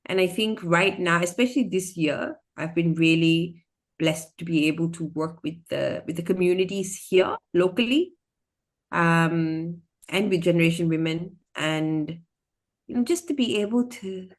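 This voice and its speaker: A woman's voice: fairly low pitch, unhurried. A woman from Singapore, a storyteller speaking animatedly as a podcast guest. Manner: animated, expressive, slips into acted voices. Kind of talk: casual interview conversation.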